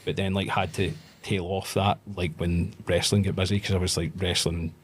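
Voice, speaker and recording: A Glaswegian man in his thirties, a pro wrestler, chatting as a guest and telling animated stories with plenty of swearing. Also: low voice, normal speed, breathy edge. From Scotland. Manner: animated storyteller, swears, acts out voices in anecdotes. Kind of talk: casual storytelling chat.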